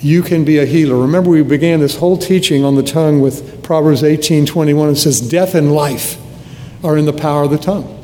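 A man's voice: a little fast, warm tone. A man in his seventies from Nebraska preaching a sermon to a congregation in a conversational, earnest way, often restarting his sentences. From United States (Nebraska). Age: 70s. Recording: long hall reverb, faint rumble.

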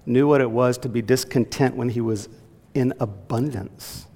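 A man's voice: medium pitch, normal speed, dark tone. A man teaching a Bible class to a group in a church room, talking conversationally and asking them questions. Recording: long hall reverb.

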